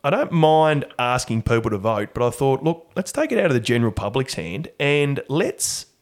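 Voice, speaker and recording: A man's voice: mid-range voice, sing-song, moderate pace. Chatty Australian man hosting a podcast. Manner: chatty, laughs often, loose with restarts. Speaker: podcast host. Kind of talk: casual chat.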